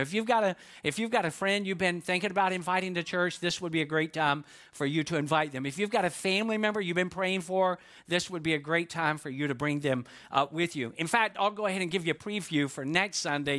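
Male pastor, bright and slightly high voice, folksy conversational sermon delivery. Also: fast, few pauses. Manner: folksy storytelling, conversational asides. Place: church.

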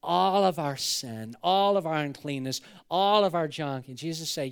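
A man with a high voice delivering a sermon. He preaches with animation, swelling loud for emphasis and then dropping to a hush. He acts out the people in the story in quoted voices. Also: lively intonation, moderate pace, creaky, few pauses, clean tone. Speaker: pastor.

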